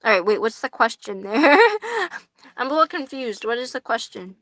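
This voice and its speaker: Young woman, tarot livestream host, casual rambling chat, bright tone, dry close sound. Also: on the high side, animated, moderate pace, dry recording. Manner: chatty, rambling, swears casually, laughs often.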